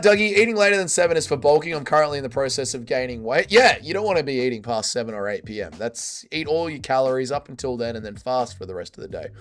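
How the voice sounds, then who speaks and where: A man's voice: medium pitch, fairly bright tone. An Australian man hosting a casual livestream, reading out chat comments with blunt, crude banter, his voice tired and sore. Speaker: livestream host.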